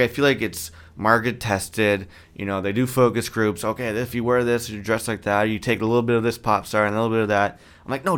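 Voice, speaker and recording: On his own casual podcast, a man in his thirties rants with lots of profanity and dry sarcasm. His lowish voice has a clean tone and stays fairly monotone, a delivery he calls monotone himself.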